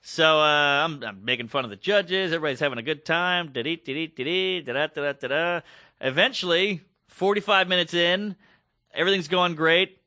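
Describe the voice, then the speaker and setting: A man with a fairly high, bright voice tells a story on a podcast, animated and chatty, acting out the voices of other people. The sound is dry and close to the mic, with no room echo. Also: brisk. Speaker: podcast co-host. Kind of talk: casual storytelling chat.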